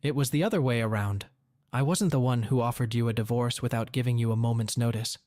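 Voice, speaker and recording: A man's voice: mid-range voice, fast talker, darkish tone, no room sound, close to an everyday voice. A man reading a blunt angry father. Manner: blunt, confrontational.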